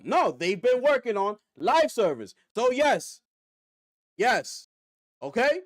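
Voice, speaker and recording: A man's voice: very high voice, unhurried. A man streaming gaming commentary, ranting with rhetorical questions and mocking asides. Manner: animated, rhetorical, drops into mocking voices. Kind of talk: live-stream commentary rant.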